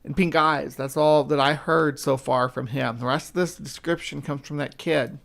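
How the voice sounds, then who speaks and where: A man's voice: on the high side, steady tone, normal speed, creaky, fairly bright tone. Argumentative man talking back to a clip. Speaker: live show host reacting to a video. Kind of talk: casual live-stream chat.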